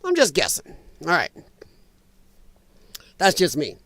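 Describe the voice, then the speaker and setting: A male livestream host with a fairly high voice, recorded close and dry with no room sound. He talks casually and bluntly, answering viewers' comments, animated and quick to laugh. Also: smooth, dry recording. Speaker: livestream talk show host. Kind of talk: casual live chat, reading viewer comments.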